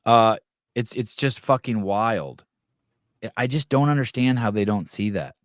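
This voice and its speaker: A man's voice: lowish voice, expressive, measured pace, dry recording, studio quality. A man hosting a live call-in podcast, talking bluntly with heavy profanity, restarting sentences as he tells stories. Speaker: podcast host. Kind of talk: casual live call-in chat.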